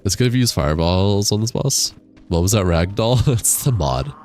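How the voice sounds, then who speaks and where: A man's voice: fairly low pitch, expressive, normal speed, a little mellow, soft background music. A young man streaming a game, chatting casually, reading chat aloud and laughing often. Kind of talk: casual livestream chat while gaming.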